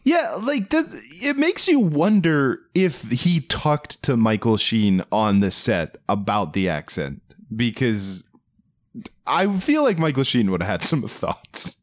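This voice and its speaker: A man's voice: mid-range voice, slow pace, no echo. A man co-hosting a podcast, chatting casually and wryly about a movie, with many restarts. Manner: animated, wry, restarts a lot. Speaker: podcast co-host. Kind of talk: casual movie review chat.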